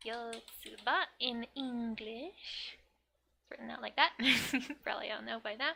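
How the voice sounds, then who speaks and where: A woman's voice: on the high side, vocal fry, bright, forceful tone, a little hiss or hum. A woman giving a casual lesson on a comic, chatty and full of "like" fillers, with frequent laughs. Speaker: Japanese teacher.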